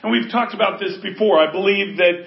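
A man's voice: high voice, fairly quick, gravelly. Man preaching in an echoey hall. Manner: informal, checks in with listeners often. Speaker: pastor. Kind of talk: conversational sermon. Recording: echoey, dull lo-fi recording.

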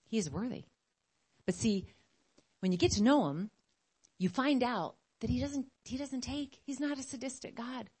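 A woman preaching a sermon in an animated way, acting out other voices as she speaks. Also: on the high side, moderate pace, long pauses, husky.

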